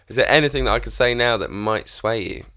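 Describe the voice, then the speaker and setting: A man's voice: medium pitch, a little fast, sharp tone. A man co-hosting a podcast, teasing his co-host with crude humour and laughing often in casual chat.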